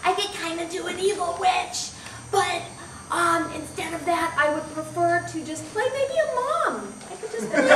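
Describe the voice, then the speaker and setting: A woman's voice: very high-pitched, lively intonation, normal speed. A woman auditioning as an actor, chatty and hesitant with frequent giggles, in a school hall. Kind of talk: audition introduction. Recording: echoey room from far off, clear noise.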